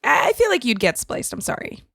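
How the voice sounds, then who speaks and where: A woman's voice: high-pitched, big pitch swings, fairly quick, vocal fry, a bit bright, dry recording, studio quality. Giggly woman co-hosting a podcast. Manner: giggly and rambling. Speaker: podcast co-host. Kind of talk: casual podcast chat.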